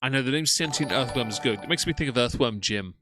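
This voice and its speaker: A man's voice: medium pitch, lively intonation, fast, over music. A young man giving casual, sarcastic live-stream commentary and talking to his chat. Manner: chatty, sarcastic, greets chat by name. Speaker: streamer reacting to videos.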